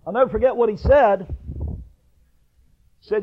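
High-voiced preacher man on tinny radio. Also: normal speed, pauses often. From northern New York. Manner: homespun, anecdotal, builds to raised emphasis. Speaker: pastor. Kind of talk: sermon with folksy storytelling. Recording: tinny phone-like radio recording.

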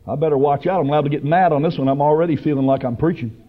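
A man preaching a sermon with fervent, emphatic delivery that rises to loud bursts. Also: on the high side, very fast. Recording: dull lo-fi broadcast recording.

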